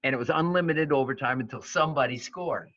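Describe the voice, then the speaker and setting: A man in his fifties, a wrestling coach, telling stories in an interview, animated and full of fillers and restarts. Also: medium pitch, fast talker, dry recording. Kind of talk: storytelling interview. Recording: dull lo-fi sound, dry.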